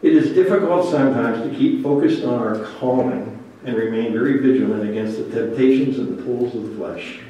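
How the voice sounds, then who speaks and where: A man's voice: mid-range voice, brisk, hardly any pauses, dark tone, lo-fi sound. A man delivers a sermon, reading scripture aloud and then pressing his point home earnestly. His voice rings through a very reverberant church hall. He is heard from some distance off the mic, with faint room noise behind him. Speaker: pastor.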